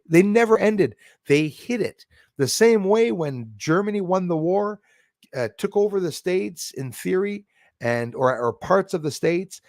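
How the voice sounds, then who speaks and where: A man's voice: on the high side, vocal fry, no room sound, clean studio sound. A man from Canada hosting a casual livestream, talking in a rambling, heated, blunt way with many restarts. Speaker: livestream host reading chat.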